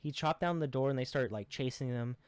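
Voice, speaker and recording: A man's voice: mid-range voice, brisk, darkish tone. A man co-hosting a podcast, casually recapping a film in a rambling, profane, sarcastic way. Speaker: podcast co-host.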